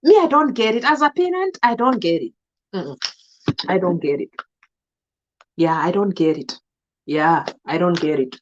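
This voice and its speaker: A woman's voice: lowish voice, expressive, normal speed, long pauses, dull audio, a little hiss or hum. A Kenyan woman, around her thirties, giving an emotional, scolding vlog monologue. She repeats herself and keeps switching between English and Swahili. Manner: indignant, scolding. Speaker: vlogger. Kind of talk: impassioned commentary monologue.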